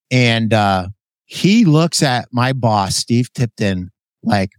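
A man hosting a podcast, telling stories from his career in a blunt, animated way, swearing freely and acting out what others said. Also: mid-range voice, takes it slowly, clear, resonant tone, no echo. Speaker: podcast host. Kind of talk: casual storytelling chat.

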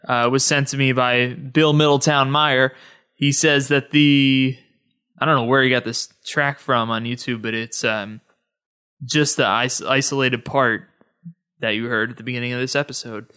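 Smooth-voiced male podcast host. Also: mid-range voice, fairly even intonation, normal speed, pushed and bright. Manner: chatty and easygoing, thanking listeners. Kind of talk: casual solo podcast monologue.

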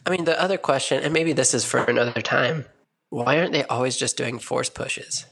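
A man's voice: mid-range voice, a little fast, vocal fry, a bit bright, slightly rough. A man co-hosting a podcast in casual, playful chat, joking and laughing a lot. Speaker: podcast co-host.

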